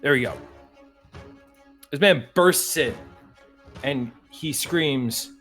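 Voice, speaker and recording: A man's voice: medium pitch, takes it slowly, long pauses, a bit bright, faint music behind. A man narrating and running a tabletop game as game master on a live stream, in a laid-back, rambling manner.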